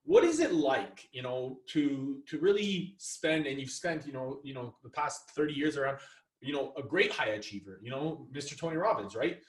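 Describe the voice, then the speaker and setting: A male podcast host asking questions in a casual interview, halting with many fillers and restarts. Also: mid-range voice, animated, echoey room, distant mic.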